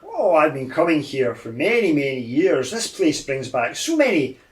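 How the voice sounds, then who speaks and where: A man voicing a vampire who poses as a gentle, stammering old man in a tabletop game. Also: a little high, big pitch swings, moderate pace, distant mic. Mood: doddering, polite. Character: vampire posing as a doddering kindly old man.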